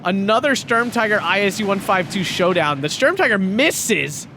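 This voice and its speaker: A man casting a strategy game tournament match, excitable, laughing often and shouting at big plays, a little hoarse from talking. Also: high voice, normal speed, a little hiss or hum. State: losing his voice. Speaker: tournament caster.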